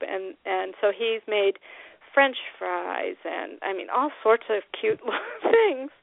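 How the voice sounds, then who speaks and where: A woman's voice: medium pitch, animated, moderate pace, gravelly. A woman with a Midwestern accent hosting a casual chat, bubbly and laughing often, trailing off and restarting her sentences. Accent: Midwestern American. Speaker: host. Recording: tinny phone line.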